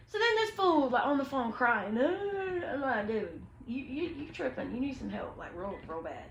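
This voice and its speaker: A young woman, telling a story to her viewers in an animated, slangy way, acting out what people said. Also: high-pitched, normal speed, vocal fry, few pauses, roomy sound, dull audio, slight background noise. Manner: animated, slangy, quotes people in lively voices. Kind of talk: casual storytime chat.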